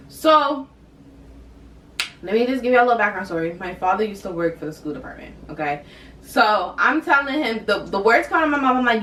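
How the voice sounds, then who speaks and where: A young woman vlogger telling a personal story in casual, animated, slang-heavy chat, talking to her viewers. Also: on the high side, a little fast, distant mic. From Boston area. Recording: roomy, from off the mic, faint hiss.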